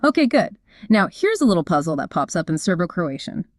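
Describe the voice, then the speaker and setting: A woman's voice: lowish voice, very animated, a little fast, dry recording, clean studio sound. A woman co-hosting a casual explainer chat, upbeat and explanatory, with frequent fillers. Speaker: co-host.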